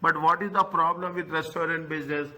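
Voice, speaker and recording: Bright-voiced male accounting tutor. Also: a little high, fairly even intonation, brisk. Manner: repetitive, checks in with "okay?" and "is that". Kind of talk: recorded lecture.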